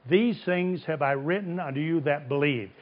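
A man preaches to a congregation with an emphatic, questioning delivery, his voice sitting a little high for a man. The recording has a dull, lo-fi quality. He presses each point and answers his own questions. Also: moderate pace. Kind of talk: sermon. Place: church service before a congregation. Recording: dull lo-fi sound.

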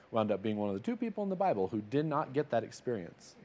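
A man's voice: fairly low pitch, lively intonation, fast talker, a little mellow. A man telling a Bible story in a casual, conversational way, slipping into little acted-out voices for the characters. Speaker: Bible teacher.

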